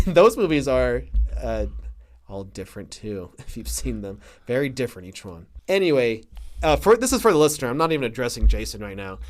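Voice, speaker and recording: Chatty man who laughs a lot. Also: mid-range voice. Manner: chatty, laughs often, quick asides. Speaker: podcast co-host. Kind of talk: casual film discussion.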